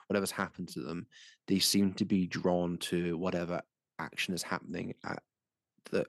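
A man running a tabletop game as game master, narrating scenes in a measured, descriptive way. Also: low voice, vocal fry, no room sound, studio quality.

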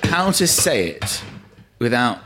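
A man with a London accent chats over a dinner table, spinning stories with playful mock grandeur. His pitch swoops up and down with lively animation. A faint hiss of noise sits in the background. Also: slow pace. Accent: London English. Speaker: dinner guest. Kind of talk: casual chat over dinner.

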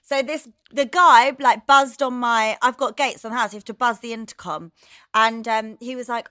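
Bright, higher woman co-host, lively storyteller, dry close sound. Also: normal speed, no echo. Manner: animated storyteller, acts out quotes, swears freely. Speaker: podcast co-host. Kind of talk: casual chat, anecdote.

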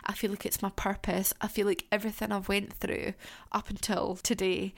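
A young adult woman hosting a solo podcast, talking in a heartfelt, emotional and rambling way. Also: mid-range voice. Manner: rambling, tangent-prone. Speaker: podcast host.

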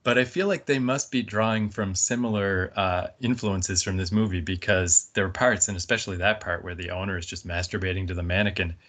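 A man's voice: sits low, fairly even intonation, a little fast, few pauses, a bit bright. A man talking casually about a film on a podcast, rambling and laughing often. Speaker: podcast guest.

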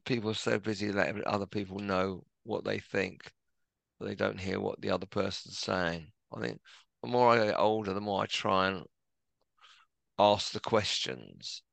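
A middle-aged man speaks low, with a gravelly rasp and a bright, forward edge to the tone. He talks as a podcast guest, gentle and reflective, poking fun at himself. The sound is close and dry. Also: normal speed, dry recording. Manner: gentle, reflective, self-deprecating, many restarts. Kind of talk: relaxed conversational storytelling.

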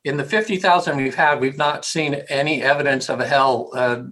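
A man, a hypnotherapist, speaking casually and rambling in an interview, with frequent throat clearing. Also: medium pitch, steady tone, a little fast, a crowd in the background, rough recording.

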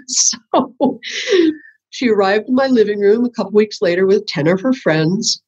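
A woman's voice: medium pitch, moderate pace, a little mellow, slightly rough. An older woman, a spiritual teacher, telling the story of how her work began in a casual interview, often laughing and acting out what she thought at the time. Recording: muffled lo-fi audio.

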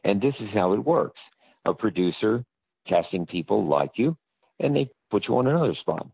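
A man's voice: fairly low pitch, big pitch swings, moderate pace, creaky, slightly rough, no echo. An older man, an actor guest in an interview, telling rambling anecdotes. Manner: rambling storyteller. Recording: tinny phone-line audio.

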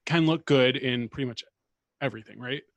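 A man's voice: mid-range voice, brisk, no echo. Chatty man in a dry casual chat. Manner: chatty, wry, hedging with fillers. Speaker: podcast co-host.

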